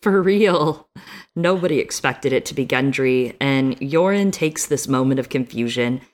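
A young woman with a notably low voice, recapping a chapter for a podcast co-host. She keeps it playful and jokey, tossing in banter as she goes. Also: animated, a little slow, a little mellow. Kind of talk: casual book discussion.

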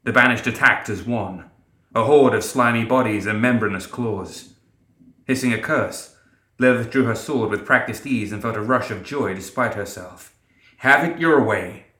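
A man narrating a dark fantasy story in a steady, dramatic way. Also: on the low side, moderate pace, reverberant. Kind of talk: scripted narration.

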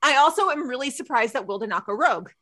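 A woman with a slightly high voice recaps a TV episode in animated casual chat. She jumps into quoted lines from the characters as she goes. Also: quick pace. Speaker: podcast co-host.

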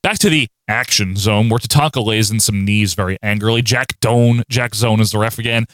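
A man co-hosting a casual podcast, recapping matches in wry deadpan play-by-play. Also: on the low side, fairly quick, dry recording, studio quality. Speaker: podcast co-host recapping wrestling. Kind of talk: casual chat.

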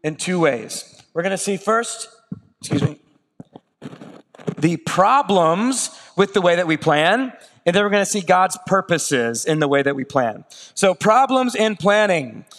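A man preaching a sermon in a conversational way, slipping into quick acted asides. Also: high-pitched, animated, a bit bright, in a large hall. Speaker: pastor.

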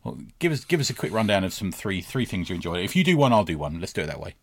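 A man's voice: deep voice, big pitch swings, fast, a little hiss or hum. A man hosting a casual podcast interview, prompting his guest with friendly questions and tag questions. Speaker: podcast host.

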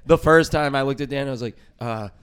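A man's voice: medium pitch, fairly quick, smooth. A man on a comedy podcast rambling through a story, full of fillers and casual swearing. He sounds loose and chatty, and his speech keeps restarting as he goes. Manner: rambling, many fillers and curses. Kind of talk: casual chat.

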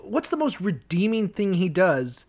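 A man's voice: high-pitched, very animated, unhurried, darkish tone. A man co-hosting a casual podcast chat, irreverent and profane, laughing often and acting out voices. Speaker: podcast co-host.

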